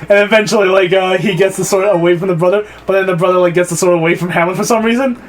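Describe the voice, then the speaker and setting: High-voiced rambling young storyteller. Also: male voice, steady tone, fast talker, poor audio. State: sore throat. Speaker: co-host of a gaming channel. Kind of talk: casual chat while gaming.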